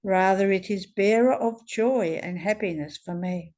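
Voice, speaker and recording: Brief: woman reading as a tender, loving divine man, slow and measured, mid pitch. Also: a little mellow, close to an everyday voice. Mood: marveling. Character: gentle loving male divine voice. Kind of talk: devotional reading.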